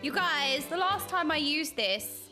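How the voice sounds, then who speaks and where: A young adult woman streamer giving live game commentary. Her voice is high and very animated, with a bright tone, and she swings between reading quest text and excited outbursts. Faint game music plays behind her. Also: unhurried.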